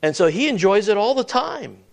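A man's voice: high-pitched, very animated, a little fast, vocal fry. A man preaching a sermon as pastor, asking the congregation questions and often repeating words as he goes.

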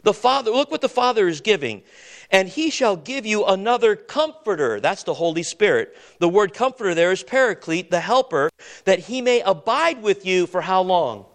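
A pastor preaches a sermon, asking his congregation questions and waiting for their answers. His pitch swings widely; he slows down on key words and drops low and quiet to drive a point home.

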